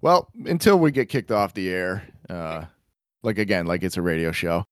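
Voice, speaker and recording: A man's voice: low voice, big pitch swings, normal speed, clear, resonant tone, no echo, studio quality. A man co-hosting a film podcast in casual chat, laughing often and poking fun at himself while he reads from a screenplay. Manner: chuckling, self-deprecating, reads script aloud. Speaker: podcast co-host.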